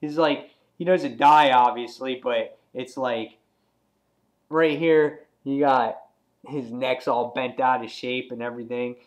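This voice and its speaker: A man giving a casual, excitable comic book review, rambling with lots of "he's like" asides. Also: mid-range voice, slow pace.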